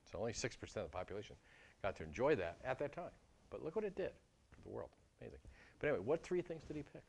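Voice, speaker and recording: Animated low-voiced man giving a talk. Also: gravelly. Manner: lively, emphatic, rhetorical questions. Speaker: guest speaker. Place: lecture hall at a business school.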